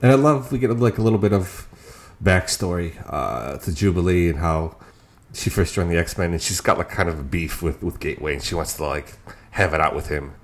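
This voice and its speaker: Very deep-voiced enthusiastic man. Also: expressive, fairly quick. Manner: enthusiastic, laughs while retelling scenes. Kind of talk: casual comic book discussion.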